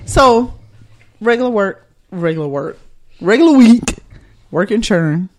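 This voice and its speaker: A woman co-hosting a relaxed podcast in a playful, easygoing way. She tosses in quick asides and speaks directly to the listeners. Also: mid-range voice. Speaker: podcast co-host. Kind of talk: casual podcast chat.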